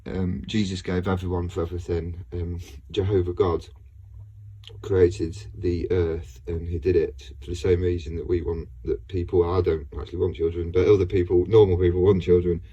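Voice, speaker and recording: A video blogger rambles casually to his viewers, hesitant and full of fillers and restarts, laughing often. His low voice is mellow with a breathy edge, level in tone, and at a moderate pace. The sound is lo-fi.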